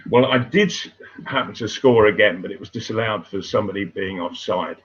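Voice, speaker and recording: An older man, a former footballer, telling stories in casual chat, unhurried and halting, with many fillers and restarts. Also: on the low side, a bit bright. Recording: dull lo-fi sound.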